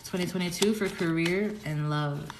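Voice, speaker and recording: A woman giving a casual tarot reading to camera, who swings from low murmuring to squealing excitement and swearing. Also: moderate pace. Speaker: tarot reader. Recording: roomy echo, faint background noise.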